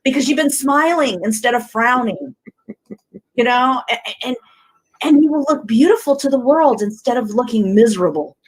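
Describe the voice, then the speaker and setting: A woman's voice: a little high, normal speed, slightly rough, poor audio. A woman co-hosting a Christian talk show, chatting animatedly and acting out voices in her stories. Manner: animated, acts out quoted voices. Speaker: co-host. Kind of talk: faith talk show chat.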